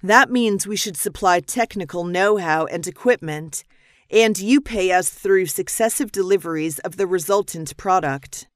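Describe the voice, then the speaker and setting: Clear woman reading scripted business dialogue. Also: on the low side, dry recording. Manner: measured, even, clearly articulated reading. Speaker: dialogue reader and lesson announcer.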